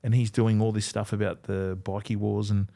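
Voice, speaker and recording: A man's voice: lowish voice, flat delivery, moderate pace, gravelly, warm tone. Australian man spinning casual yarns. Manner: yarn-spinning, swears freely, acts out other people's lines. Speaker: podcast guest, former rugby league player. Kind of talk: casual storytelling chat.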